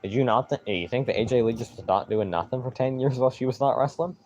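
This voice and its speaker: A young man streaming live, rambling excitedly and with mild swearing as he reacts to a football game. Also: medium pitch, fast talker, lo-fi sound, a little hiss or hum.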